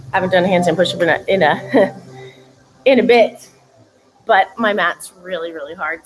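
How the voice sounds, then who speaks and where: A woman fitness coach gives chatty, upbeat cues during a live-streamed workout, laughing now and then between instructions. Her voice is fairly high, and the low-quality recording carries a little hiss or hum.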